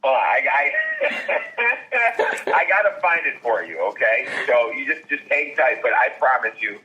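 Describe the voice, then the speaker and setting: A man's voice: medium pitch, huge pitch swings, measured pace, pushed and bright, muffled recording. A man, a chef, chatting playfully and enthusiastically in an interview. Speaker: celebrity chef guest. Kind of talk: casual interview chat.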